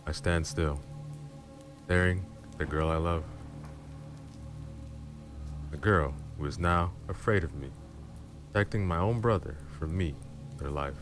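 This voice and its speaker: Guy with a super low voice reading a story slow and close up, music and rain going behind him. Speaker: storyteller streamer. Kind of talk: dramatic horror story reading. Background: background music and rain.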